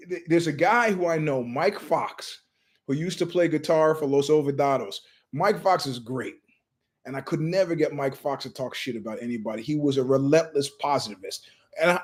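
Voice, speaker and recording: A man hosting his own show, rambling through stories from his living room and acting out the voices of people he quotes. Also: a little high. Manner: storytelling, acts out quoted voices. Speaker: show host. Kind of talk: rambling monologue.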